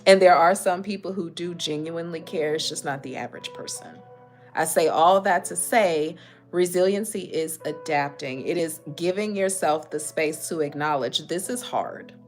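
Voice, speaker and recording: A woman's voice: sits low, moderate pace, faint music behind. Emphatic woman giving frank advice. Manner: emphatic, preachy, talks straight to listeners. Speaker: mental health talk host. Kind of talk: casual motivational talk.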